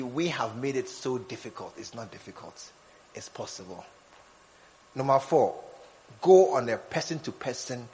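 A man preaching a lively sermon, acting out little scenes and joking with his congregation. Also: medium pitch, in a large hall, low-quality recording. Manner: animated, acts out scenes, jokes with the congregation.

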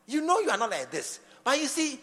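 A middle-aged man from Ghana with a Ghanaian English accent, preaching a sermon in church, repeating phrases and swinging between loud emphasis and near-whispers. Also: very high-pitched, huge pitch swings, a little fast. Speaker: archbishop preaching. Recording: church hall reverb with faint music.

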